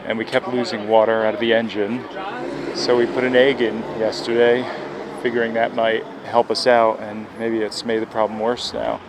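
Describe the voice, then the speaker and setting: A man's voice: on the low side, level tone, moderate pace. A man recorded on the road at a roadside garage, speaking in candid, unsure, casual commentary as he thinks aloud. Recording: field recording with traffic noise.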